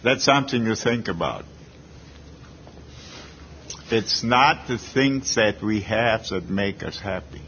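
A man slowly reading a Bible verse aloud at a meeting, heard in a dull lo-fi recording. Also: fairly low pitch, a bit bright, a little hiss or hum. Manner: slow, deliberate reading. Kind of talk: reading scripture and brief comment.

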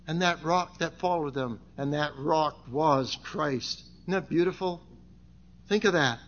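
A middle-aged male preacher delivers a gospel sermon in a meeting room, repeating scripture with fervour and dropping to hushed asides. His voice sits high and bright, and he speaks slowly. The recording is dull and lo-fi. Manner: fervent, swings from loud exclamations to low quiet asides; repeats phrases and quotes King James scripture.

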